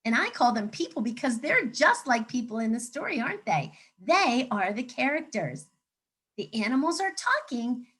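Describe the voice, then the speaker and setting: A woman teacher reading a picture book aloud to children, animated and coaxing, pausing to ask them questions. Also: on the high side, breathy edge.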